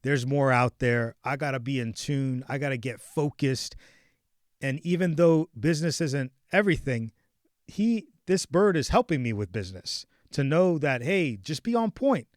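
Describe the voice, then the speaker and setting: A man in his forties hosting a podcast, telling a personal story in a casual chat with animated swings between hushed and loud. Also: medium pitch, moderate pace, no echo, clean studio sound. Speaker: podcast host.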